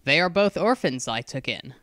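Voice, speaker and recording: The narrator voices a calm male school founder in a storybook reading, patient and quietly firm. The voice stays smooth and close in a dry space, never raised even when he presses. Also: mid-range voice, normal speed, no echo. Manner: calm, patient, gently insistent.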